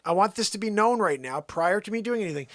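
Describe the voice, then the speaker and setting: Male livestream host, high voice, emphatic rambling chat, dry close-mic sound. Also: fast, no room sound. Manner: animated, emphatic, defensive, talks to chat. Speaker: livestream music show host. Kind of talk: rambling live-stream chat.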